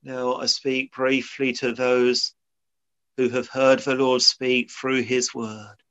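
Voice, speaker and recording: A man's voice: mid-range voice, level tone, slow, a bit bright, clear, resonant tone. A man preaching a sermon in a solemn, earnest way, often quoting old scripture. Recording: dull lo-fi sermon recording.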